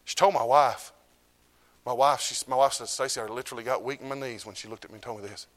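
Middle-aged man as pastor, mid-pitched, preaching sermon, loud bursts and hushed drops. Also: steady tone, fast. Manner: swings between loud preaching and hushed, low delivery.

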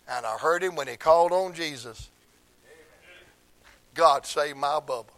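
An older man, preaching a sermon through emotional stories, swinging from hushed tones to shouts. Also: a little high, a little slow, long pauses.

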